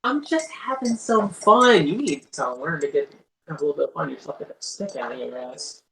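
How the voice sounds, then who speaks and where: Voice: mid-range voice, expressive, moderate pace, creaky, a bit bright, reverberant, a little hiss or hum, poor audio. Game master doing a crude joking prankster. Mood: mocking. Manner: teasing, blunt, coarse. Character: crude flippant prankster man.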